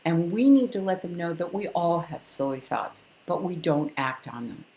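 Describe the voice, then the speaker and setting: A calm older woman teaches parents in a firm, instructive way, spacing her points with deliberate pauses. Her voice sits a little low, and the room around her sounds echoey. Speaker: parenting educator. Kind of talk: direct-to-camera parenting lesson.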